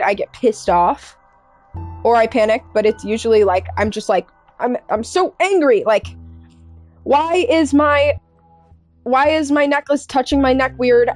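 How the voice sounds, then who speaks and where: A young adult woman streaming live and chatting with viewers in a candid, earnest way, halting often with fillers and restarts. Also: medium pitch, darkish tone. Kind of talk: casual chat with stream viewers.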